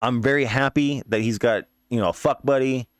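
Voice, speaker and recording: A man's voice: mid-range voice, fairly quick, dry recording. A young man telling a rambling, profane story in a casual way, full of fillers and asides, recorded close on the mic. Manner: rambling, profane, fillers like "you know what I mean". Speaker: podcast host.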